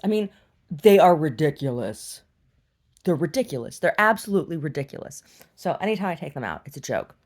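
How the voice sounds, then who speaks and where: A woman's voice: fairly low pitch, darkish tone. A middle-aged woman chatting casually and bawdily, laughing often and cooing at her dog. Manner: bawdy, giggly, talks baby-talk to her dog. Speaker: vlogger. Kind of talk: casual chat.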